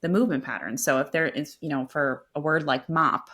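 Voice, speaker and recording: Low-voiced woman speech therapist explaining. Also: brisk, fairly bright tone. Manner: explanatory, repeats words when restarting. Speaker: speech-language pathologist guest. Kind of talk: expert explaining in a podcast interview.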